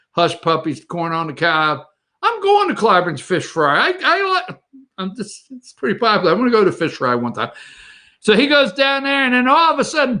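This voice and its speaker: A man's voice: on the high side, bright, forceful tone. A man hosting a political talk show, rambling and opinionated, mocking the people he quotes. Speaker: host.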